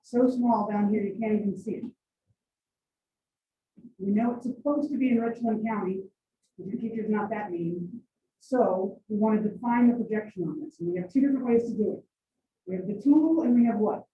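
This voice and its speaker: A woman instructor teaching a college class, brisk and teasing as she coaxes answers from her students. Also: medium pitch, slight background noise. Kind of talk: classroom lecture with questions. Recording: distant echoey classroom on tinny mic.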